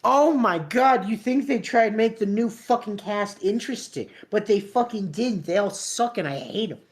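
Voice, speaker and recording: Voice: medium pitch, normal speed. Foul-mouthed, rambling podcast co-host. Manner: swears constantly, rambling and laughing. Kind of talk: casual podcast chat.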